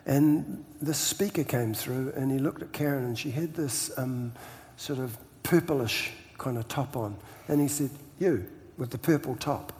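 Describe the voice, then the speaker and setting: An older man from New Zealand with a New Zealand accent, telling stories as a pastor guest in a relaxed interview, laughing often and repeating words as he starts his sentences. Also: mid-range voice, measured pace, few pauses. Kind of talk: storytelling interview chat. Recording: long hall reverb.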